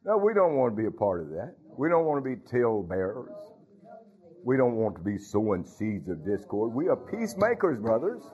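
A man's voice: mid-range voice, wildly swooping pitch, normal speed, a little mellow, dull audio. A man preaching a folksy sermon as pastor, talking straight to his congregation and dropping in hallelujahs. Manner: folksy, talks to congregation, frequent hallelujahs and laughs.

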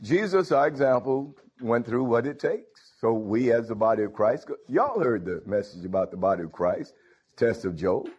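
A man preaching a sermon, firing rhetorical questions and swinging from low murmurs to loud exclamations, with chuckles between phrases. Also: animated, normal speed, husky, lo-fi sound.

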